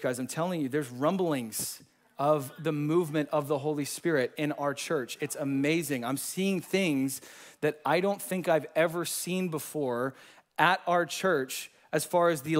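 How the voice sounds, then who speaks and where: A man preaching a sermon and telling personal testimonies in a casual, slangy, animated way. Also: on the high side. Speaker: pastor.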